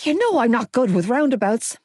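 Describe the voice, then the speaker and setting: Woman voicing a hysterical young guy at the wheel, whiny, high, very animated. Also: fairly quick, husky, dry recording, studio quality. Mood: panicked, whining. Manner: wailing, whiny and exasperated. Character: panicky young Irish man, driving, whining.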